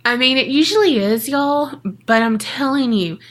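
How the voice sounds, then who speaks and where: A high-pitched woman with lively intonation co-hosts a podcast at a moderate pace, keeping it casual and chatty while laughing often and speaking straight to the audience.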